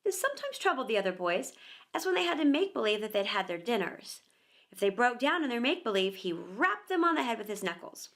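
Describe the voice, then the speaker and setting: Woman storyteller, high lively voice, expressive children's read-aloud. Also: fast talker. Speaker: storyteller, actor and teacher.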